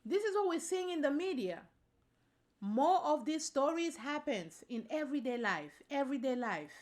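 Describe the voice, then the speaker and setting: A woman's voice: high voice, big pitch swings, normal speed. A woman vlogger giving casual opinion commentary to her viewers. She talks in slangy, informal speech and repeats her points for emphasis.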